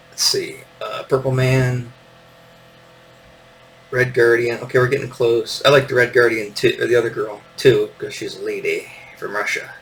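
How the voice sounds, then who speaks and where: A man's voice: mid-range voice, fairly bright tone, distant mic, a little hiss or hum, rough recording. A man in his fifties hosting a casual show-and-tell, meandering with lots of fillers and little chuckles. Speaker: podcast host.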